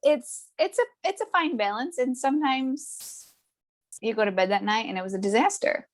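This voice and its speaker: A woman's voice: a little high, lively intonation, normal speed. A woman as an interview guest, telling a story in a chatty way, full of tag questions and fillers, who laughs often and acts out the voices she quotes. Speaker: interview guest, essential oils seller. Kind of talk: casual conversational storytelling.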